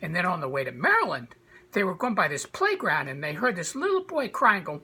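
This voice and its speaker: A woman improvising a children's story in an animated way, often restarting and repeating words. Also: fairly low pitch, fast, husky.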